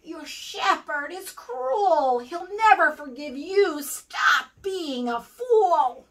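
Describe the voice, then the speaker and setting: A woman doing a slow coaxing evil snake. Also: extremely high pitch, lively intonation, fairly bright tone, recorded from a distance, exaggerated voice. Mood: scornful. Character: lying evil male snake, hissing and coaxing.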